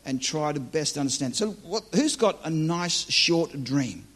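A man's voice: a little high, animated, measured pace, a bit bright. A man preaching live to a church audience, teaching on dreams in a joking, conversational, self-deprecating way.

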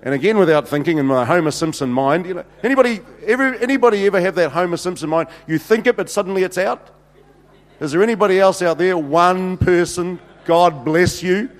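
A man's voice: high voice, animated, brisk. A middle-aged man, a senior pastor telling funny stories in a sermon with many fillers. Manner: humorous, anecdotal, many fillers. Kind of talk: sermon storytelling. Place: church hall. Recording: long hall reverb.

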